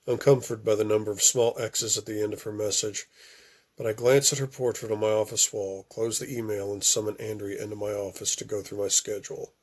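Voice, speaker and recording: A man reading a first-person novel aloud, with occasional stumbles and restarts and phrases that drop off softly. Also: lowish voice, little pitch movement, fairly quick. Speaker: audiobook reader.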